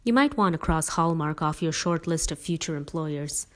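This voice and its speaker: A woman's voice: deep voice, expressive, moderate pace. A woman voicing a tired, protective middle-aged father in a read-aloud story, speaking earnestly and firmly.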